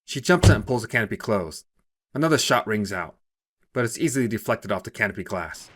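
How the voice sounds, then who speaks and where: A man narrating a short story in a steady, even storytelling manner. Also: on the low side, fairly quick. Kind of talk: scripted narration.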